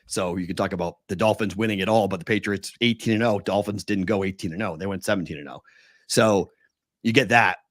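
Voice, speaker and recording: A man's voice: low-pitched, a little fast, fairly bright tone, no echo, studio quality. A man co-hosting a casual sports podcast, telling a long story with lots of restarts and short laughs. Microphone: remote video call.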